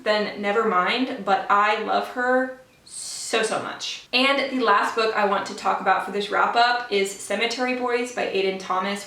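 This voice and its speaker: A young book vlogger gushes about the books she read in a casual wrap-up chat, sprinkling in plenty of ums. Her medium-pitched voice is a bit bright, recorded at a distance in an echoey room.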